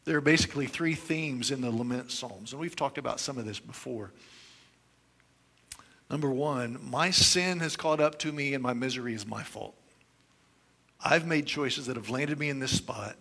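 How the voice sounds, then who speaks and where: Bright-voiced preaching man. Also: medium pitch, normal speed. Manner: expressive preaching, swings between hushed reading and forceful exclamation. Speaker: pastor. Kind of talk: sermon.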